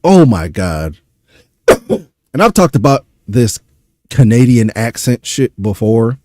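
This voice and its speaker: Exasperated and swearing, a young Louisiana man with a local accent vents during a reaction stream, leaning on rhetorical questions. He has a medium-pitched, mellow voice that swings widely in pitch at a slow pace, captured in an echo-free studio recording.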